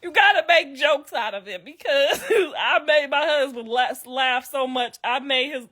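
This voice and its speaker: A woman's voice: high-pitched, lively intonation, measured pace, fairly bright tone. A middle-aged woman talking casually to viewers on a livestream, telling profane stories and laughing through her words. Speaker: livestream host.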